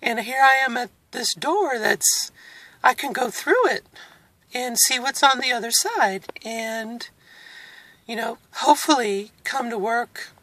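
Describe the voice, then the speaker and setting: A woman in her forties records a candid video diary, her voice pitched a little high. She speaks in an emotional, halting way, close to tears and breaking into nervous laughs. Her tone stays reflective as she talks. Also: fairly bright tone, dry recording. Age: 40s. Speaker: vlogger.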